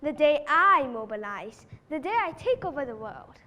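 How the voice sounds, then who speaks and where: A student actress performing a scheming house cat plotting to take over the world, in a dramatic stage monologue. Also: female voice, sits high, big pitch swings, normal speed, sharp tone, heavily acted. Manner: dramatic, mock-villainous. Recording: reverberant hall with faint noise.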